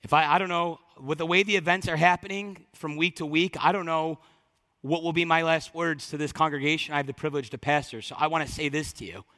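A male pastor delivers a fervent sermon in a high, bright voice. He pushes hard on key lines, then drops to quiet, slow passages. A long reverb hangs behind him as in a large hall. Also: fairly even intonation. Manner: impassioned preaching that swings from loud to hushed.

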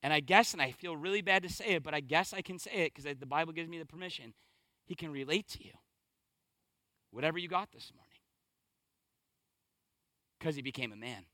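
Male preacher, impassioned sermon, very bright tone, close and dry sound. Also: a little high, animated, fairly quick, pauses often, no room sound. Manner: impassioned, swinging between hushed and loud. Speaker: pastor.

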